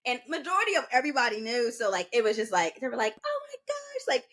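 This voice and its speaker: Her voice is fairly high and she races along as a podcast co-host in her twenties. Chatting casually, she tells animated stories and imitates the voices of those she quotes.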